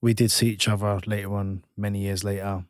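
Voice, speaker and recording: A man speaks as a podcast guest in a fairly low voice, close and dry to the mic. He tells his stories in a lively but halting way, restarting and trailing off as he goes. The tone is casual and open. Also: no room sound. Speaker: podcast guest, former footballer. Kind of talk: casual storytelling.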